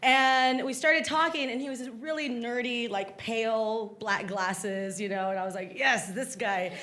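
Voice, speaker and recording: A stand-up comedian from South Texas, with a slightly high voice and a measured pace, tells stories before a live club audience and animatedly acts out the voices of the people in them. The recording carries faint noise and the audience's laughter.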